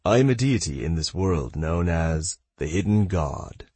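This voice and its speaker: A man's voice: sits low, a little slow, breathy edge, no room sound, heavily acted. A man voicing a formal, awkward hidden god. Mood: earnest. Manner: calm, formal, slightly awkward. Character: awkward, pleading male hidden deity.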